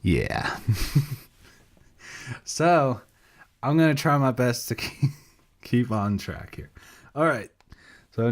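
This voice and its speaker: Man, tired and foggy, slow drawn-out delivery, rambling solo podcast talk, chuckles at himself. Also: mid-range voice. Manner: rambling, loses his train of thought, laughs at himself. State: sleep-deprived and foggy. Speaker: podcast co-host. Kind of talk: casual podcast monologue.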